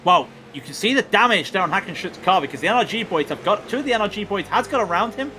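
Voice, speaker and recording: A man calls a sim race live, getting worked up and ranting about the driving. His voice sits high and swings a lot. It has a bright, forceful edge. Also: fast, a little hiss or hum. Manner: excitable, ranting. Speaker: sim racing commentator.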